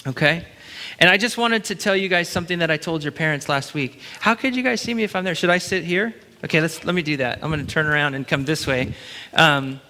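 A man's voice: fairly high pitch, pushed and bright. A middle-aged man preaching as pastor in a large church, chatty and playful, breaking into short laughs. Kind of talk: sermon. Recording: long church hall reverb.

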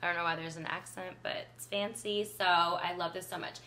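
Chatty young woman, bright voice. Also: on the low side, steady tone, fairly quick, a little hiss or hum. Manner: chatty, lots of filler likes. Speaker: beauty vlogger. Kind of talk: casual makeup tutorial chat.

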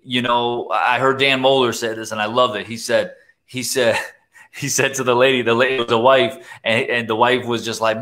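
A man hosting a casual faith livestream, telling animated stories, laughing often and repeating words. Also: medium pitch, moderate pace, low-quality recording. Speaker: host.

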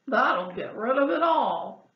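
A woman putting on a helpful male pig, gruff and snorting, with her voice pushed lower than her own. The storybook reading comes through dull and lo-fi. The room adds a clear echo. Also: lively intonation, takes it slowly, recorded from a distance. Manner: snorting, low. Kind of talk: storybook read-aloud. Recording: echoey room, dull lo-fi sound.

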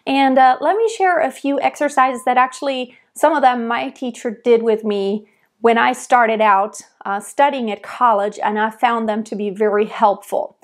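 A woman from Germany, a vocal coach, giving a calm, measured singing lesson with sung examples. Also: fairly high pitch.

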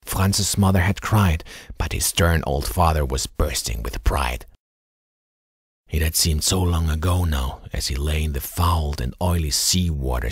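Man reading an audiobook story, low raspy voice, totally dry room. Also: no echo. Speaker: audiobook narrator. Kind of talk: scripted narration.

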